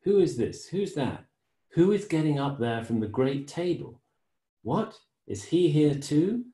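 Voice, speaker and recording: A man's voice: on the high side, big pitch swings, measured pace, warm tone, roomy sound, voice pushed up. A man reading aloud the questions of a young man dazed by a vision, speaking in a bewildered, questioning way.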